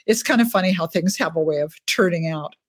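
A woman author chatting in an interview, telling lively stories about her books and life. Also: on the low side, fast, no echo, clean studio sound. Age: older. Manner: chatty, animated storyteller. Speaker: author guest. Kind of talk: casual interview chat. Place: home, West Coast.

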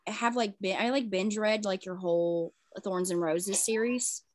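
A woman's voice: medium pitch, measured pace, no room sound. A woman with an American Southern accent hosting a casual podcast interview, chatty and gushing, often stumbling over words. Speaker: podcast host.

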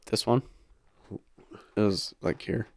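A man's voice: takes it slowly, dry recording. A man co-hosting a podcast, chatting in casual, profane, joking banter into a microphone. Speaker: podcast co-host.

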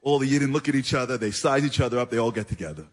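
Husky man telling a lively story. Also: mid-range voice. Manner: chatty, addresses listeners directly; animated, with quick asides and repeated phrases. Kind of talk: conversational religious storytelling.

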